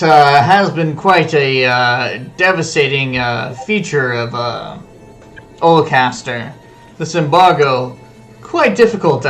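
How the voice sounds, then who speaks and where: A man voicing a polite adventurer who feigns drunkenness, talking formally and haltingly with a put-on accent. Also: mid-range voice, vocal fry, fairly bright tone.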